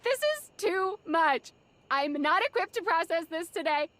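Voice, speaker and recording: A flustered game character who is overwhelmed by everything. Her voice is very high and bright, and she speaks in a dramatic way. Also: animated, measured pace, slight background noise, exaggerated voice.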